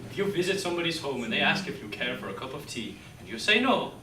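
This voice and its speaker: A man playing a young Irish miner with an Irish accent, telling stories with animated delivery on a theater stage. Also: a little high, quick pace, a little hiss or hum. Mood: storytelling. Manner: storytelling, animated. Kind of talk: stage play acting. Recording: roomy stage sound from far off.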